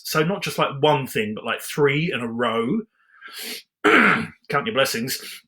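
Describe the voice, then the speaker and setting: Storyteller, male, bright tone; reads a fairy tale and riffs on the pictures with mock-earnest humor. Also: mid-range voice, animated, slow, gravelly. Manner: playful, chatty, mock-earnest commentary. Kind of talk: storybook reading with comic asides.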